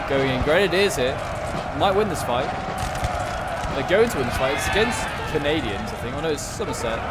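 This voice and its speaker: Over gunfire and battle sounds, a medium-pitched man gives excitable, rambling commentary on a strategy game fight, answering the on-screen units. The recording is very noisy.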